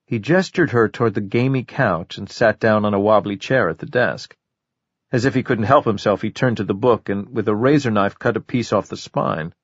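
A man narrating a crime novel audiobook in a measured, even storytelling manner. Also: on the low side, husky, no room sound, lo-fi sound. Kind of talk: scripted narration.

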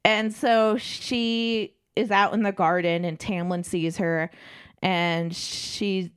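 A woman's voice: mid-range voice, level tone, slow, clean tone. A woman co-hosting a podcast, recapping a novel in casual, irreverent chat and swearing freely. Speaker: podcast co-host.

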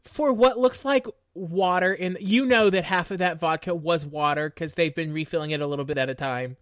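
A woman's voice: on the low side, moderate pace, no room sound. A woman co-hosting a podcast, adding dry, sarcastic quips in casual chat. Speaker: podcast co-host.

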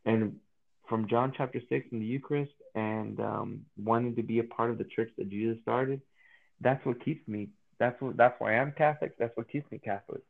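Male guest, animated storyteller, phone-quality audio. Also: mid-range voice, moderate pace, vocal fry. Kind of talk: casual faith interview. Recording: tinny phone-like line.

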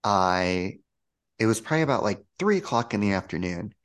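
A man being interviewed as a spiritual coach, telling a personal story in a casual, animated way and acting out the voices he quotes. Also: lowish voice, fairly quick. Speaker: guest, spiritual coach and channel.

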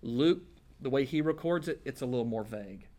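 A man's voice: medium pitch, lively intonation, fairly quick, mellow. A man preaching a conversational Bible-teaching sermon, casual and joking, with folksy slang.

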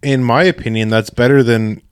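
A man's voice: mid-range voice, fairly even intonation, moderate pace, clear, resonant tone, dry recording, clean studio sound. A man chatting casually about fishing, laid-back and profane, laughing often.

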